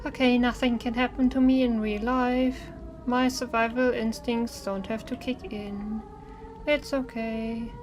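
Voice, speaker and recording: A young woman streaming horror games, chatting nervously and singing to herself to stay calm. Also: fairly high pitch, unhurried, background noise. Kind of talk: live-stream gameplay commentary. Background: faint game music.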